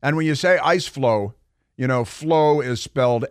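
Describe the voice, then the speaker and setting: A man's voice: medium pitch, a little slow, clear, resonant tone, no room sound. A middle-aged man hosting a talk radio show, delivering a sarcastic, mocking monologue in a studio. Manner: sarcastic, mocking, animated storytelling. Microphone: studio microphone.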